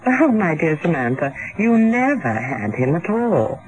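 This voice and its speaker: An actress playing a cynical, worldly wealthy widow, arch and teasing, in a radio drama. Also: female voice, on the low side, sing-song, unhurried, darkish tone, rough recording.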